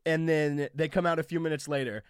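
Young comedian guy rambling through a story real fast, kinda high voice. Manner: rambling, animated anecdote-telling with many fillers. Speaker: comedian and guest. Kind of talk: casual storytelling chat.

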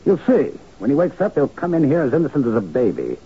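A man's voice: medium pitch, wildly swooping pitch, fast talker, breathy edge, full character voice. An actor playing an urgent, worried male manager explaining a secret in a vintage radio drama. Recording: dull lo-fi old radio recording.

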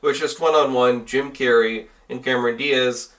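A man's voice: mid-range voice, fairly even intonation, normal speed, a bit bright, distant mic. A man in a casual podcast conversation, analytically comparing films and making references. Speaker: podcast co-host. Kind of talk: casual film review chat.

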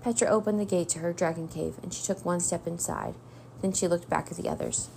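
A woman reading a children's chapter book aloud in a steady storytelling way. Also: fairly low pitch, brisk, vocal fry, slight background noise. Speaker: narrator.

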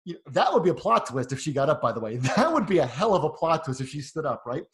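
A man co-hosting a casual film podcast, talking fast and picking the movie apart point by point. His voice sits a little high for a man, and he rattles through his argument with a sceptical edge. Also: sing-song. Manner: quick, argumentative, critical. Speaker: podcast co-host.

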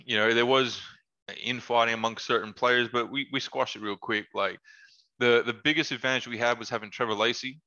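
A man with a bright, forceful voice tells relaxed stories on a podcast, mixing in slang and laughing easily. The audio is dull and lo-fi. He talks like he is among old friends. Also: mid-range voice, fairly quick. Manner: laid-back, laughs often, slangy asides. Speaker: podcast guest, former basketball player. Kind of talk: casual storytelling chat.

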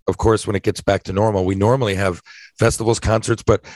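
A man's voice: lowish voice, level tone, quick pace, a little mellow, no echo. A man from Newfoundland in casual chat, prompting and chiming in with short remarks.

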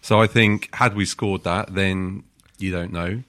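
A man, a guest on a football podcast, speaking in a measured, hesitant way. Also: low voice, fairly even intonation, fairly bright tone, dry recording, studio quality. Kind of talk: casual football chat.

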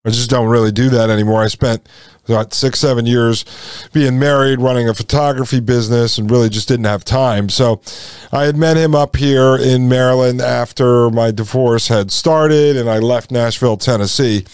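Smooth-voiced man in his forties. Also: medium pitch, steady tone, moderate pace, darkish tone, no room sound, studio quality. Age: 40s. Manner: rambling, folksy, addresses listeners as folks. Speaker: podcast host. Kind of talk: casual storytelling monologue.

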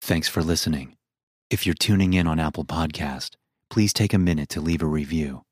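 A man's voice: very deep voice, normal speed, a little mellow, husky, dry recording, clean studio sound. A man narrating a scripted horror story for a podcast, dramatic and acting out the lines. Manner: dramatic, acts out quoted lines.

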